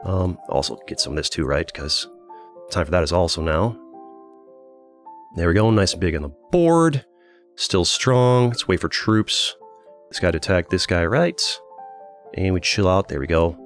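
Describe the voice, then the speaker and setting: A man with a fairly low voice talks through a strategy match as he plays. He thinks aloud, with frequent ums and restarts. Faint music plays under him. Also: moderate pace, long pauses. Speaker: gaming channel host. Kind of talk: casual gameplay commentary.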